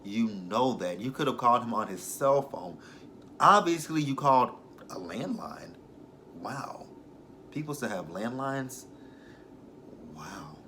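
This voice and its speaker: A man's voice: medium pitch, big pitch swings, slow, pauses often, bright, forceful tone. Male reviewer, casual and sassy, exasperated commentary, slight background noise. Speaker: TV episode reviewer.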